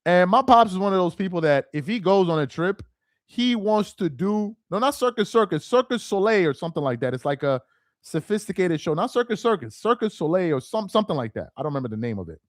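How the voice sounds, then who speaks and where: A talkative man reacts to his chat on a live stream, his fairly high voice swinging widely in pitch as he keeps circling back to the same point. He laughs easily, and the sound is dry and close with no room echo. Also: quick pace. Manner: animated and talkative, repeats himself, laughs easily. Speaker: live stream host reading viewer chat.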